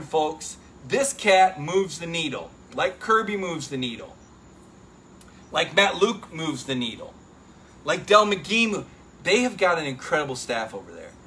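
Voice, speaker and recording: A middle-aged man hosting a casual sports talk show, animated and emphatic, often turning to listeners with "right?". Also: fairly high pitch, a little hiss or hum. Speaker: sports reporter and show host.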